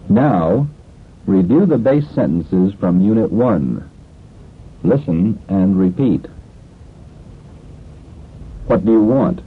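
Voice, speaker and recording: A man reading a scripted language drill slowly and deliberately, as a course instructor, on a tinny lo-fi lesson tape. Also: sits low, lively intonation, husky.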